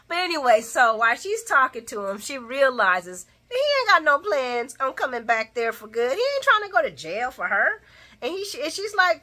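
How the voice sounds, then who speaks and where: A woman's voice: high voice, sing-song, normal speed, bright, forceful tone. A woman hosting a casual soap opera recap, chatty and opinionated, who laughs often and talks straight to her viewers. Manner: speaks to viewers as y'all.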